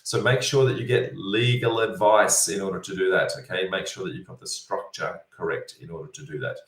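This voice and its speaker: A man's voice: deep voice, steady tone, brisk, fairly bright tone, far from the mic. A tired man, a property educator answering viewer questions in an online session, teaching point by point with lots of fillers and calling his listeners folks. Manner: instructive, repeats points, many fillers. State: tired, yawning. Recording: roomy sound, voice set back from the mic.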